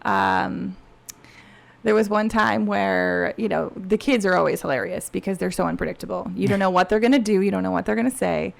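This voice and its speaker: A woman with a slightly gravelly, creaky voice chats as a podcast guest, sharing stories from her wedding planning work. Her pitch sits mid-range, and she talks in a loose, animated way, often leaning on "you know" and breaking into laughter. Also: brisk. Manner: chatty, peppered with "you know". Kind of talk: casual podcast storytelling.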